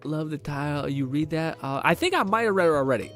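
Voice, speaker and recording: Young dude streamer just rambling, lots of swearing and laughs, kinda high voice, light music playing under. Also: male voice, lively intonation, fast, a bit bright. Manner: rambling, profane, laughs often, lots of fillers. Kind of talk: casual chat to stream viewers.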